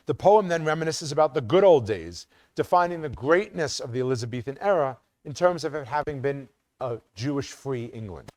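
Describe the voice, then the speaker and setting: A middle-aged man lecturing to a community audience, his pitch rising and falling in lively sweeps. He catches himself mid-phrase now and then with an um or a restart. The sound is close and dry, with no room around it. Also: fairly quick, dry recording. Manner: reads quotes with sing-song emphasis, some restarts and ums. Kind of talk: academic lecture.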